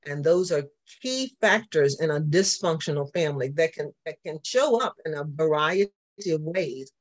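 Southern preacher teaching a church class. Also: male voice, fairly high pitch, expressive, normal speed. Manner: repetitive, asks the class questions. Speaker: pastor.

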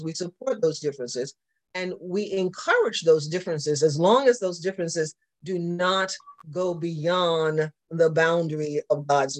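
A man with a Southern accent, teaching a church class and asking the group questions as he goes. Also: a little high. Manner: repetitive, asks the class questions. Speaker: pastor.

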